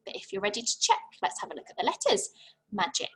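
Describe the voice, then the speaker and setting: Husky-voiced English woman teaching phonics. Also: mid-range voice, animated, sharp tone, low-quality recording. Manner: slow, exaggerated sounding out of letters; encouraging and praising. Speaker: infant school teacher. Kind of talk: phonics lesson for young children.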